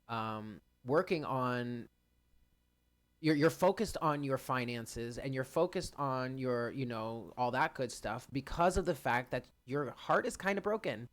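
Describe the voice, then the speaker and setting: A man giving a live channeled card reading, talking earnestly and directly to his viewers. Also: medium pitch. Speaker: spiritual card reader.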